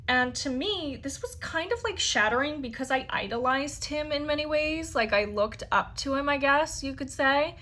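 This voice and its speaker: Female interview guest, higher register, loose conversational storyteller, lots of filler words and profanity. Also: fairly bright tone. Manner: chatty, heavy use of "like" fillers, swears freely. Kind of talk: casual storytelling.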